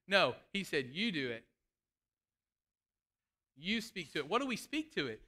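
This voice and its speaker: A man's voice: high voice, very animated, a little slow, sharp tone. A man preaching a sermon, fervent and emphatic, calling out to the congregation.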